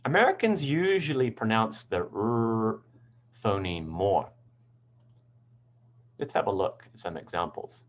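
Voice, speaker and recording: A man talks through an English pronunciation lesson in a lowish voice whose pitch moves up and down a lot. He explains patiently, one step at a time. The recording sounds a little dull and lo-fi. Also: animated, unhurried, pauses often.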